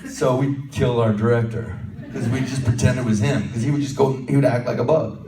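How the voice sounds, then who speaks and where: Guy telling jokey stories at a convention panel, mid pitch, big echoey hall, mic kinda far off, faint hiss. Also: fairly even intonation, fairly quick, crowd noise. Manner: joking, self-deprecating storyteller. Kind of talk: casual anecdote telling. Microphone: handheld mic.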